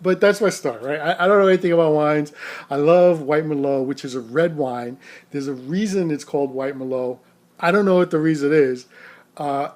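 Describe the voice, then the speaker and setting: A man's voice: a little high, a little mellow. A man who drives for rideshare, telling a rambling, self-mocking story to camera with frequent laughs and repeated words.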